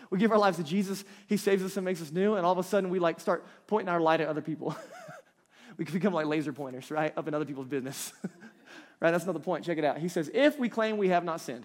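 A man in his thirties preaching a conversational sermon, animated and chatty, laughing lightly between points. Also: on the high side, fast talker. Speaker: pastor.

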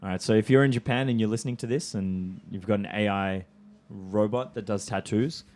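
A man's voice: fairly low pitch, brisk, darkish tone. A man hosting a podcast, leading a casual, upbeat brainstorm with his guests. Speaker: podcast host. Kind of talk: casual chat.

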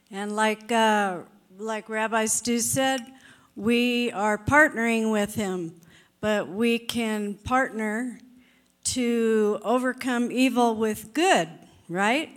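Very slow, deliberate woman preaching. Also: fairly high pitch. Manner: slow, deliberate and encouraging, asking the listeners questions. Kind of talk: conversational sermon.

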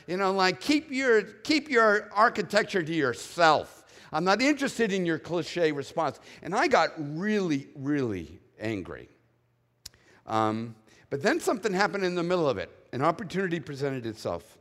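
A man's voice: on the high side, big pitch swings, moderate pace, a bit bright. A middle-aged male pastor preaching a sermon, candid and self-deprecating, telling a personal story with mocking quoted voices. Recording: long reverb of a large hall.

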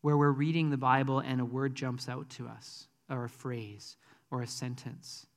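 A man's voice: mid-range voice, flat delivery, normal speed, gravelly, long reverb tail. A man preaching a sermon in a conversational, earnest way, with frequent ums. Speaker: pastor.

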